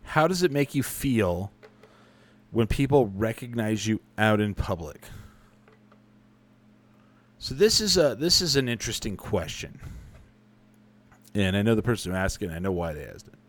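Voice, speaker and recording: A young adult man with a fairly low voice hosts a podcast, very animated as he speaks at normal speed and pauses often. He answers listener questions casually with rambling, profane stories, correcting himself as he goes.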